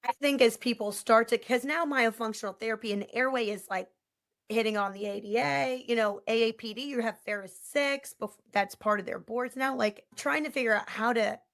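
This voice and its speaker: A woman's voice: fairly high pitch, moderate pace, gravelly, a bit bright. A woman dentist speaking as a podcast guest, rambling through technical points and trailing off mid-thought. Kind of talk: conversational interview.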